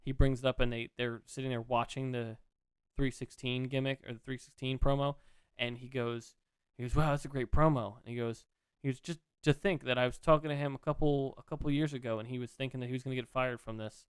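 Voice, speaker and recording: A man chatting casually on a podcast, rambling excitedly and swearing freely as he retells what he watched. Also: medium pitch, a little fast, hardly any pauses, clean tone, no room sound. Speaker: podcast co-host. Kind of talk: casual chat.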